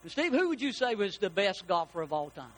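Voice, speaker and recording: High-voiced folksy preacher. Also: male voice, a little fast, a little hiss or hum. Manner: folksy, animated preaching with rhetorical questions to the congregation. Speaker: pastor. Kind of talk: sermon. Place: church sanctuary.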